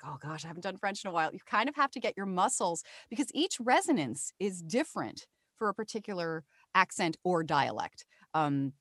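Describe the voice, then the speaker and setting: Woman voice actor, animated, restarting often, dry close sound. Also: fairly low pitch, no echo. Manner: animated, many restarts and fillers. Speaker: voice actor guest. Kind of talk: casual interview talk.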